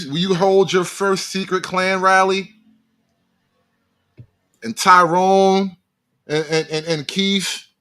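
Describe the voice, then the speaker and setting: A man with a higher-than-average, bright and forceful voice gives live reaction commentary for his viewers. He talks in a profane, mocking way, riffing joke after joke. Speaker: streamer reacting to a video.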